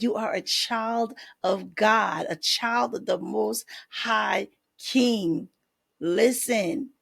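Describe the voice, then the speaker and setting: A woman's voice: medium pitch, gravelly, slightly rough. A woman life coach hosting her own podcast, speaking faith-based encouragement and affirmations straight to her listeners.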